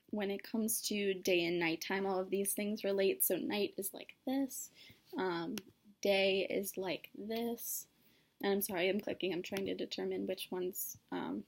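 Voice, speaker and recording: A woman's voice: mid-range voice, fairly even intonation, a little slow, gravelly, a little hiss or hum. A young woman explaining sign language signs in a casual solo lesson, with many fillers and self-corrections. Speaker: student demonstrating sign language.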